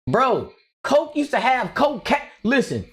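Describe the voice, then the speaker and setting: A man streaming casually, rambling excitedly with lots of slang and frequent laughter as he reacts to his chat. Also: very high-pitched, slow pace. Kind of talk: casual livestream rant.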